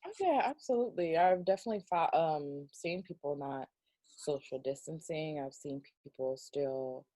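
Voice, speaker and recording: A young woman co-hosts a podcast, speaking in a low voice at a moderate pace. She chats casually and tells stories with animation, acting out the quotes as she goes.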